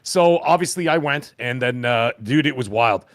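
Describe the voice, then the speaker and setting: A man in his fifties, hoarse from a lost voice, telling a rambling, animated story as a podcast co-host. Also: medium pitch, moderate pace, dry recording, studio quality. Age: 50s. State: hoarse, recovering voice. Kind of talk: casual chat.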